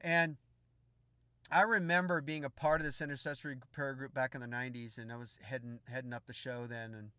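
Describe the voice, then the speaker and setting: A middle-aged man preaching, telling a funny story in an animated, humorous way. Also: mid-range voice, fairly quick, smooth, dry recording. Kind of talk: storytelling sermon.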